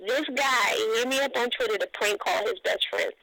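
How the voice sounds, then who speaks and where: A middle-aged woman, a radio show guest, telling profane, animated stories in a casual interview. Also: on the high side, a little fast, no room sound, poor audio.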